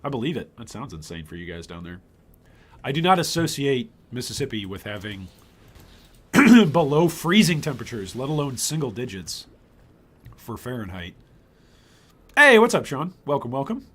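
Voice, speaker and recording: An older man from Michigan streams a game live and chats with viewers as he plays. His pitch swings widely through the talk. His bursts of excitement break up an easy, chatty delivery. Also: moderate pace, long pauses, husky. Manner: chatty, reads chat aloud, bursts of excitement. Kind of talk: live gameplay commentary.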